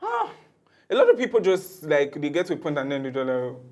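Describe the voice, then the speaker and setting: A man's voice: a little high, brisk. A man appearing as a talk show guest, speaking animatedly and laughing as he talks. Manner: animated, laughs while talking. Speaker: guest, media personality. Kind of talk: casual studio discussion.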